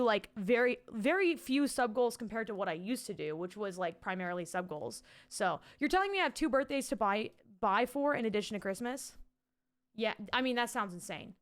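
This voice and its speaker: A young woman streamer in her twenties chatting casually with her viewers, swearing freely, laughing often and breaking into loud shouted bits. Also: mid-range voice, expressive, brisk. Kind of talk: casual live-stream chat.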